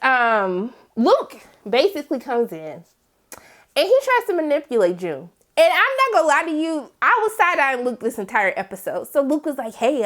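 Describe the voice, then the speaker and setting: A woman host giving a chatty, sassy TV episode recap, talking straight to her viewers. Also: fairly high pitch. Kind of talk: casual TV recap commentary.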